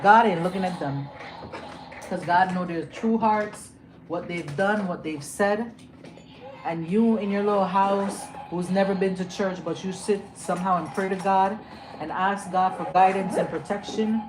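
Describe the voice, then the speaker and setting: A young woman hosting a livestream, ranting heatedly and with lots of profanity, repeating lines for emphasis and dropping from loud outbursts to low muttering. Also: unhurried. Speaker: livestream host. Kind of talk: emotional livestream rant. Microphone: phone or webcam on a livestream. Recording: steady background noise.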